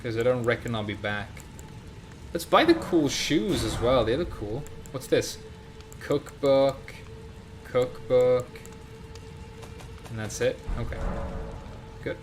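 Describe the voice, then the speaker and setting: A man's voice: medium pitch, moderate pace, music in the background. A man with a Swedish accent casually commenting on a game he plays live, chatting with his viewers. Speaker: game streamer. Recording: steady background noise.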